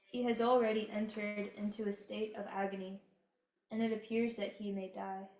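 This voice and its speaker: A woman giving a slow, solemn devotional reading in a prayerful, measured manner. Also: medium pitch, little pitch movement, darkish tone. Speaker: devotional reader. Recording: echoey room.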